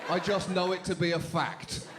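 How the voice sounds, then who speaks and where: A British man hosting a stand-up show, delivering jokes with dry deadpan timing on a club stage. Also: high-pitched, normal speed. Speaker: comedy show host. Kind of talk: stand-up comedy. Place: comedy club stage with live audience. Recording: laughing crowd and room noise.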